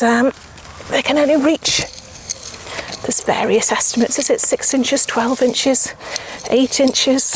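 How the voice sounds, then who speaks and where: A woman's voice: high-pitched, noisy background. A woman hosting her gardening channel, chatting casually and mocking herself as she sows seeds outdoors, sometimes dropping to a whisper while she works. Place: outdoor garden beside raised beds.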